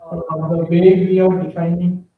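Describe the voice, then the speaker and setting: A man's voice: high voice, monotone, normal speed. Distant, muffled man speaking from the audience. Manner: hesitant, many fillers. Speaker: audience member. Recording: distant, echoey room, dull sound.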